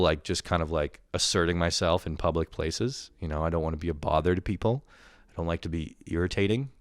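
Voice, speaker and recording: Young guy, low smooth voice, profane rambling storyteller, close dry mic. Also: dry recording. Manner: profane, rambling, animated retelling. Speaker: vlogger. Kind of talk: casual storytelling monologue.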